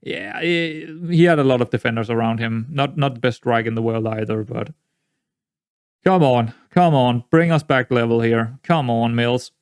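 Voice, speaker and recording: In this studio-quality, dry recording, a man speaks smoothly at a moderate pace and medium pitch. He's a gaming YouTuber doing let's-play commentary on a management game, rambling, exasperated, and frequently repeating himself.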